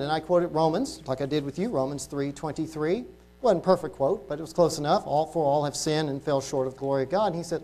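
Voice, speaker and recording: A man preaching an informal sermon to a congregation, talking casually and reading Bible verses slowly and deliberately. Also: a little high, expressive, warm tone. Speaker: lay preacher.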